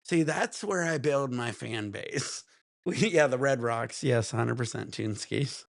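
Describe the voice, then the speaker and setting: A man's voice: mid-range voice, measured pace, gravelly. A man hosting a casual livestream, chatting with viewers, laughing a lot and breaking into profane rants. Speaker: livestream host.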